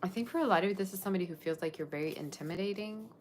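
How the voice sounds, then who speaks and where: A woman's voice: medium pitch, rapid-fire, a little hiss or hum. A woman giving a live tarot reading to her viewers, chatting and rambling as she answers their comments. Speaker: tarot reader.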